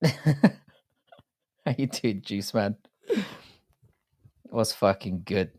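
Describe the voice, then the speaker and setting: A man's voice: fairly low pitch, drawn-out words. British male streamer, casual and foul-mouthed, reads out and greets his chat. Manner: crude, swears often, greets chat by name. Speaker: live-stream host.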